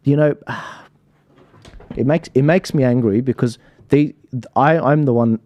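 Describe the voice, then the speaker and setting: A man's voice: medium pitch, measured pace, no room sound, muffled recording. Exasperated man commentating a livestream. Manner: exasperated, sighing, apologetic. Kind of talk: live commentary over stream.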